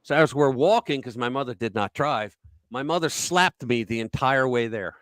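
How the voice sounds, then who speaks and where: A man's voice: mid-range voice, moderate pace, a bit bright, dry recording. Rambling middle-aged man, dry close sound. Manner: rambling storyteller, acts out quotes. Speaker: podcast host. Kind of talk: casual talk show chat.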